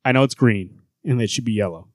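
A man's voice: mid-range voice, quick pace, darkish tone, dry recording, clean studio sound. A man co-hosting a comics podcast, talking casually in a joking, rambling, profane way. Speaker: podcast co-host. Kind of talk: casual chat.

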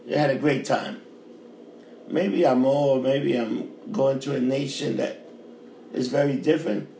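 A man's voice: medium pitch, measured pace, gravelly, dark tone. A middle-aged man with a New York accent, a bar worker, delivering a fiery, profane, repetitive rant. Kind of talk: ranting monologue. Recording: roomy with faint background noise.

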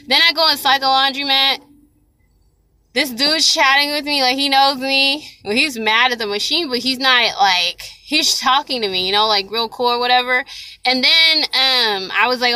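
A young woman from Ohio telling a chatty, excitable, slangy vlog story, recorded in a car. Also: a little high, normal speed, no echo, poor audio.

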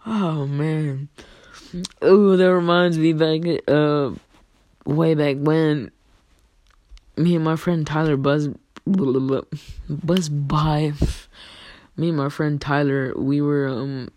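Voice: medium pitch, fairly even intonation, slow pace, pauses often, no echo. A young adult telling a rambling, profane story. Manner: rambling, profane, laughs often, swings from hushed to loud. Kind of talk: casual storytelling.

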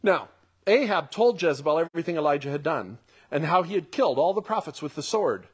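A man preaching a conversational sermon who reads scripture aloud and comments on it, sometimes dropping to a hush for emphasis and sometimes building with excitement. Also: a little high, brisk, husky. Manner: earnest, drops to a hush for emphasis, then swells with excitement.

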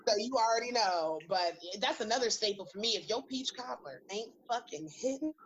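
A woman telling animated stories in casual chat, swearing freely and acting out what people said. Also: on the high side, brisk, lo-fi sound, a loud crowd. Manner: animated storyteller, swears freely, acts out quotes.

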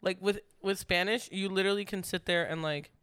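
A man's voice: sits high, steady tone, fairly quick, a bit bright, smooth, dry recording. Chatty man on a podcast, dry sound. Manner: chatty, laughs easily, many fillers. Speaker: podcast co-host. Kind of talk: casual chat.

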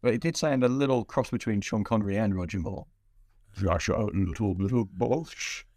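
Male podcast host, lowish voice, playful and rambling, dry close sound. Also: fairly quick, a little mellow, no room sound. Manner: playful, rambling, with frequent restarts. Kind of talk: casual podcast chat.

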